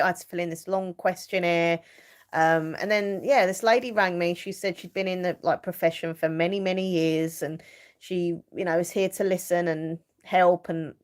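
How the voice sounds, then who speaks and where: A middle-aged woman rambling chattily as a live stream host, full of fillers and ready laughs. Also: on the low side. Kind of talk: casual chat.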